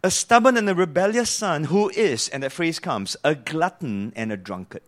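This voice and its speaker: High-voiced male preacher. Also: lively intonation, normal speed. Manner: earnest, explanatory, asks the listeners questions. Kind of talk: sermon.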